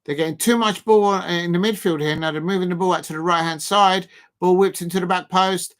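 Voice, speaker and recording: A man giving rambling, casual live commentary on a match and shouting out viewers by name. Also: high voice, fairly even intonation, fairly quick. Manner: rambling, chatty, lots of fillers, shouts out viewers. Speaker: live stream host.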